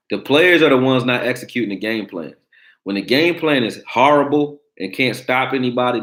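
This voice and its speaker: Deep-voiced blunt sports talk host. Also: male voice. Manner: blunt, profane, joking, reacting to chat. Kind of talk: casual sports talk livestream.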